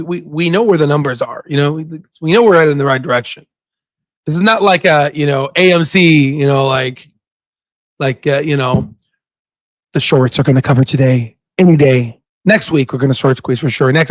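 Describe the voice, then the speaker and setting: High voiced guy hyping stocks on a livestream, jokey, keeps saying right, dead dry sound. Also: no room sound. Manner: hyped, joking, bursts of shouting, lots of "right?". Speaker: stock investing streamer. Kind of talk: casual livestream commentary.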